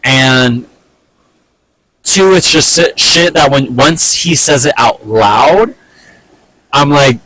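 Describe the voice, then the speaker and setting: Young man telling an animated, fed-up story. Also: medium pitch, takes it slowly, pauses often, low-quality recording. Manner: animated, fed-up retelling full of fillers and swearing. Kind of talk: casual storytime vlog.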